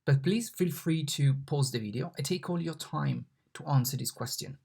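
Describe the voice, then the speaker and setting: A teacher giving an online Italian lesson, slowly and patiently sounding out letters and repeating words. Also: mid-range voice, vocal fry, a little mellow, slightly rough.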